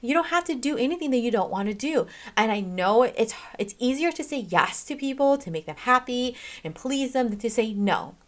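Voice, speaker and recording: A woman's voice: fairly high pitch, moderate pace, few pauses. A woman giving casual motivational advice as a podcast host, chatty and emphatic, often checking in with "okay?". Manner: animated, swings in pace and loudness, laughs often. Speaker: self-help podcast host.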